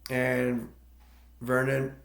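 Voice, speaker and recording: A man's voice: mid-range voice, monotone, extremely slow, gravelly, a bit bright. A man casually retelling a film's plot as a movie reviewer, rambling and laughing between points. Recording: echoey room.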